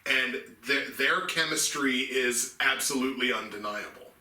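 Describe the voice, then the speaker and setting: A man's voice: mid-range voice, measured pace, pushed and bright, distant mic. A man co-hosting a casual movie review chat, talking earnestly and restarting sentences as he explains his picks. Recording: echoey room, mic set back.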